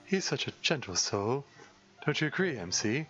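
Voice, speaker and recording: A man doing a gentle, adoring girl. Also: medium pitch, big pitch swings, moderate pace, dull audio, faint music behind, voice pushed up. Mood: pleading.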